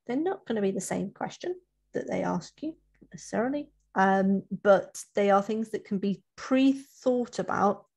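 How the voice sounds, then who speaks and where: A woman's voice: medium pitch, gravelly, dark tone. A woman who coaches children for interviews, talking casually on a webinar and often restarting her sentences. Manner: chatty, self-correcting, many restarts.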